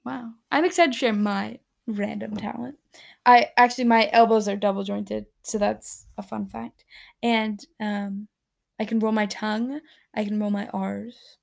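A woman's voice: mid-range voice, steady tone, measured pace, vocal fry. A woman hosting a casual solo podcast, reading out listener answers in a chatty, giggly, rambling way with many fillers and restarts. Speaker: podcast host. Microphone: podcast microphone.

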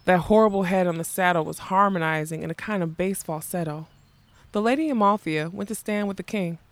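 A woman narrating a fantasy novel in a measured, expressive storytelling voice. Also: lowish voice, no echo. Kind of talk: audiobook reading of a fantasy novel.

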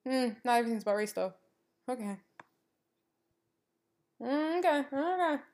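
A woman's voice: sits high, normal speed. Young woman telling a story, full of "like". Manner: animated storytelling, acts out quoted dialogue; frequent "like" fillers. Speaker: podcast host. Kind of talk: casual monologue.

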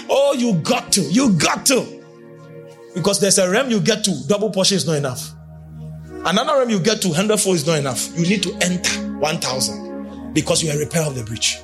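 A man delivers a fiery sermon in a high, animated voice that leaps up and down in pitch. He pushes into shouts, then drops to low, intense lines. Faint music sits behind him. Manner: emphatic, swings between shouting and low intense speech. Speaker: prophet preaching.

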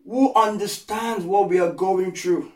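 A male preacher with a fairly high voice delivers an impassioned sermon. He repeats phrases for emphasis and moves between hushed comfort and loud pleading. The sound is roomy and echoey, picked up from some way off the mic. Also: steady tone, a little slow, far from the mic.

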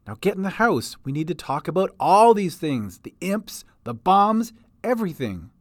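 A man's voice: sits high, big pitch swings, a little slow, no room sound, pitched above the performer's own voice. A man voicing a haughty, wealthy swordsman with a dry drawl. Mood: urgent.

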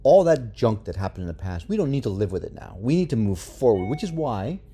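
A man's voice: medium pitch, sing-song, fairly quick, dark tone, breathy edge. A man co-hosting a podcast, chatting casually and teasing his co-host. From United States. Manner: teasing, joking. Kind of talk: casual chat.

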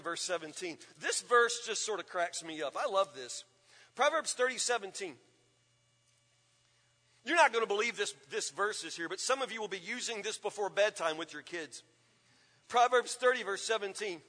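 A man preaching with a high, bright, forceful voice that rings through a large church. He hammers points home, repeating himself and asking the congregation questions. The long hall reverb trails after each phrase. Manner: emphatic and repetitive, asking the crowd questions. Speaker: pastor. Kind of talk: sermon.

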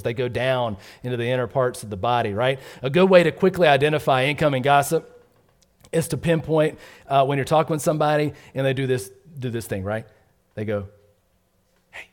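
A middle-aged man delivers a sermon at a middle pitch. He talks in a lively, conversational way. He slips into gossipy voices and keeps asking his listeners "right?". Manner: animated, acts out gossipy voices, asks "right?" often. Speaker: preacher.

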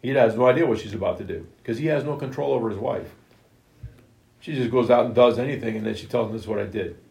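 Male preacher, gravelly voice, emphatic sermon delivery, roomy echo. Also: medium pitch, fast, a little mellow. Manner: emphatic, retells scripture in plain everyday words. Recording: echoey room.

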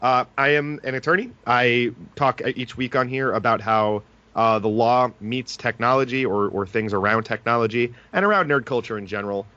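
A man's voice: medium pitch, moderate pace, pushed and bright, lo-fi sound. A man hosting a podcast, an attorney, talking in a casual, joking and talkative way.

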